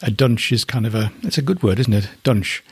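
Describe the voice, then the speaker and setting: Husky-voiced man from northeast England. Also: mid-range voice, expressive, fairly quick, no echo. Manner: chatty and affectionate, thinking aloud. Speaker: alpaca keeper. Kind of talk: casual spoken commentary.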